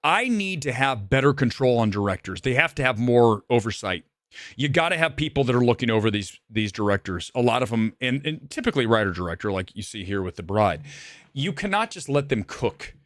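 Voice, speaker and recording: A man's voice: mid-range voice, sing-song, a little fast, fairly bright tone, dry recording. Man, furious film reviewer, ranting and repeating himself, dry close sound. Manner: angry, ranting, repetitive. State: shaking with anger. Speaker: movie reviewer. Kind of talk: live film review rant.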